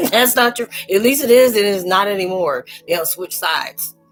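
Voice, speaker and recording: A woman gives a casual tarot reading on a livestream, talking in loose, rambling runs. She often slips into quoted voices as she talks, with her pitch sitting in a middle range. Soft music plays faintly beneath her. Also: a little slow. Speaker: spiritual tarot reader hosting a live chat.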